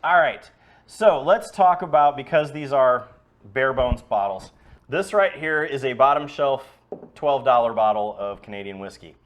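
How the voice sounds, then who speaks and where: A man's voice: medium pitch, animated, measured pace. A man hosting a loose, joking whiskey-tasting podcast, often restarting his sentences. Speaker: podcast host. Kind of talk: casual chat.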